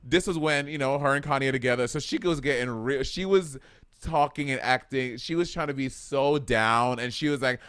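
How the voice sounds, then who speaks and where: A man from Saint Lucia, co-hosting a podcast, telling gossip in an animated, chatty way with quoted asides. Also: mid-range voice, moderate pace, clean tone, dry recording, clean studio sound. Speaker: podcast co-host. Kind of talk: casual chat.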